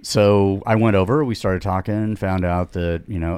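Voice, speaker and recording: A man's voice: sits low, fairly even intonation, moderate pace, hardly any pauses, darkish tone, clean tone, no room sound. A middle-aged man telling a long casual story on a podcast, rambling with many restarts and asides. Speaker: podcast guest.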